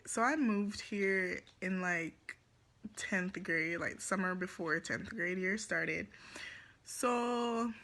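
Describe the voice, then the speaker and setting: Bright-voiced Jamaican teen girl, unhurried. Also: medium pitch. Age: teens. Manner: chatty, rambling, lots of fillers and giggles. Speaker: vlogger. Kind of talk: storytime vlog.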